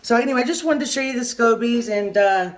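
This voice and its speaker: A middle-aged woman with a Southern US accent giving a casual kitchen how-to, rambling and halting, often stopping mid-sentence to restart. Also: a little high. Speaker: home cooking channel host.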